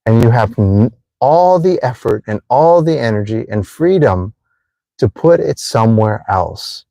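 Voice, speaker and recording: A man's voice: medium pitch, animated, measured pace, vocal fry, warm tone, no echo. A man hosting a livestream, talking earnestly and repetitively about forgiveness, addressing his viewers directly. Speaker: livestream host giving life advice. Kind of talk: earnest motivational livestream talk.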